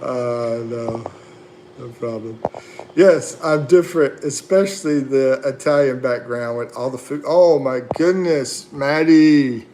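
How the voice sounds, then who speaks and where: Give me a man chatting slowly on a livestream, reading viewer comments aloud, with faint room noise behind him. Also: medium pitch, dark tone. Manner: chatty, reads viewer comments aloud with frequent laughs and fillers. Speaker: livestream host.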